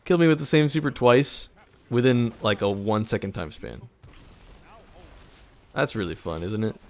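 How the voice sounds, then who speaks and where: A young man streaming a shooter game, grumbling sarcastically at teammates and bursting into frustrated shouts. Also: on the low side, moderate pace. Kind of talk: live gameplay commentary.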